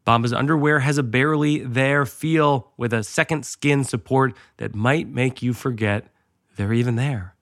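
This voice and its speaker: Man, podcast host, bright voice, dry studio sound, playful, chatty. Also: mid-range voice, normal speed, dry recording. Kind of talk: casual chat and host-read ads.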